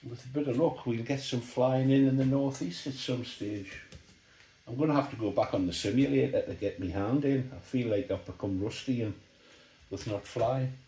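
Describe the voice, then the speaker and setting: A man talking through a model build, relaxed and thinking aloud as he explains each step. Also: medium pitch, normal speed. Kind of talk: workshop build commentary. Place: hobby workshop bench. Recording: roomy workshop echo.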